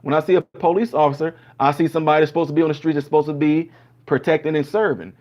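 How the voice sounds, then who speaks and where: A man's voice: a little high, rapid-fire. A man hosting a show, talking casually and acting out conversations as he tells stories. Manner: animated storyteller acting out dialogues. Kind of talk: casual opinion monologue. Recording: dull lo-fi sound.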